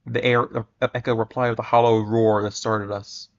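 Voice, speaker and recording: A gravelly man with a lowish voice and flat delivery reads a pulp adventure dramatically yet measuredly, now and then stumbling and starting over. The recording sounds muffled and lo-fi.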